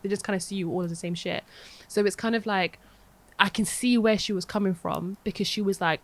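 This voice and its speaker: A young woman talks over a podcast mic at an everyday middle pitch. She rambles easily through a long story, restarting sentences and leaning on fillers. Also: steady tone, brisk. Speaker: podcast co-host. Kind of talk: casual chat.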